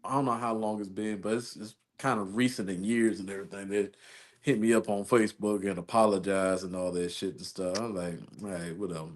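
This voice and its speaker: A man's voice: fairly low pitch, fairly even intonation, fairly quick. A man co-hosting a podcast, chatting casually, rambling and repeating himself as he tells stories. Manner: rambling, repeats phrases, laughs often. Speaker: podcast co-host. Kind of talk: casual chat.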